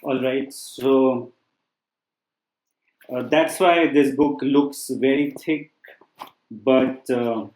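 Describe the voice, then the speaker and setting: A man's voice: medium pitch, steady tone, drawn-out words, long pauses, darkish tone. A man giving casual book recommendations as a test-prep teacher, talking loosely with many fillers and restarts. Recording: echoey room.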